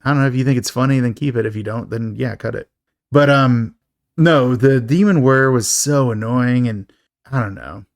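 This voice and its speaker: A man hosting a casual movie review podcast, chatty and quick to laugh, with many fillers. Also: mid-range voice, dry recording, studio quality. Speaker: podcast host.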